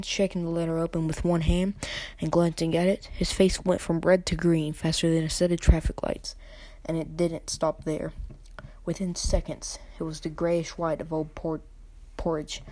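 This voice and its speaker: Woman reading aloud with a low, mellow voice. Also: level tone, no room sound. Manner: unhurried, with frequent stumbles and self-corrections. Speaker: podcast reader. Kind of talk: audiobook reading.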